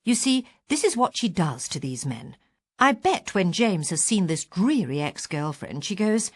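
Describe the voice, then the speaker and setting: Woman reading a story, lively wry delivery, rather low voice, dry close studio sound. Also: measured pace, no room sound. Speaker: audiobook reader. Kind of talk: first-person story reading.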